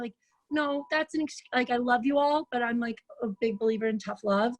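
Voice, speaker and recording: A woman's voice: a little high, fairly quick, rough recording. A woman fitness coach giving an upbeat motivational talk over a video call, chatty and peppy, often tossing in "like" and "right?". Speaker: fitness coach speaking at a virtual brunch.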